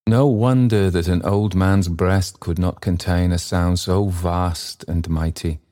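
A man narrating an audiobook in a measured, unhurried manner. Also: sits low, steady tone, dark tone. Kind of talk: audiobook reading.

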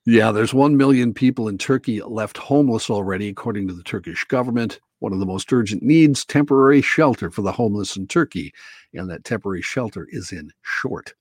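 A man's voice: lowish voice, a little fast, breathy edge, no echo, studio quality. Man reading the news on a talk show. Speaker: radio host reading news.

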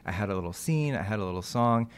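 A man's voice: on the low side, animated, quick pace, clear, resonant tone. Chatty, self-mocking man from Texas. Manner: chatty, self-mocking, full of asides and quoted voices. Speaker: actor and TV host, interview guest. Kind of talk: casual chat.

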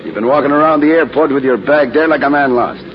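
An actor with an Irish accent playing a smooth-talking male con man at an airport, in 1940s radio acting style. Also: mid-range voice, fast, natural voice. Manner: ingratiating and overly friendly. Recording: dull old radio recording with background noise.

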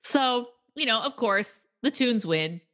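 A woman's voice: on the high side, slow pace. A woman co-hosting a podcast, casually talking through a movie's scenes with lots of laughter. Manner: animated retelling with laughter. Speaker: podcast co-host.

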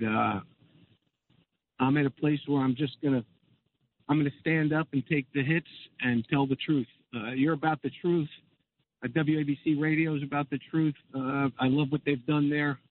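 A man's voice: medium pitch, fairly even intonation, moderate pace. Hesitant older man calling in by phone. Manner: hesitant, full of filler sounds. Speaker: caller. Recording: phone line.

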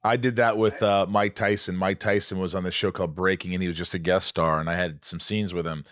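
A man with a very low, deep voice hosts a casual chat, blunt and excitable, swearing his way through stories. The sound is dry and close, with no room around it. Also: brisk, no echo. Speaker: podcast host.

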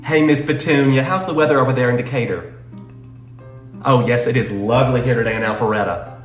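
A man's voice: medium pitch, a little fast, roomy sound, soft background music, pitched below the performer's own voice, lightly acted. A man putting on a fake Southern drawl. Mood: syrupy polite. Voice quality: exaggerated drawl, overly polite. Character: man faking a syrupy Southern phone-banker voice.

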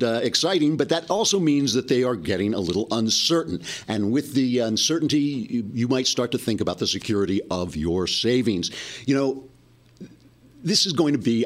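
A man hosting a commentary show, thinking aloud in a casual, musing way. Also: mid-range voice. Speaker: podcast host.

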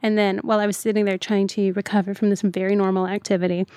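A woman's voice: medium pitch, level tone, fast, a little mellow, no echo. A woman writer, the guest on a podcast, chatting casually and telling stories with lots of "like" fillers. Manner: chatty storyteller, many "like" fillers. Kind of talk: casual interview chat.

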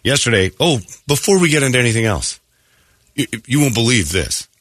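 A man's voice: mid-range voice, very animated, brisk, fairly bright tone, no echo, clean studio sound. A man hosting a morning radio show, telling rambling stories in casual chat and laughing as he goes, his throat thick from allergies. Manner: rambling storyteller, laughs mid-story. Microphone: studio mic.

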